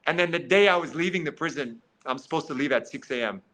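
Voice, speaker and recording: A man who is a podcast guest, telling a story in a lively way. He slips into quoted dialogue and says "like" often. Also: fairly high pitch, fast, poor audio. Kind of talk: animated storytelling in conversation.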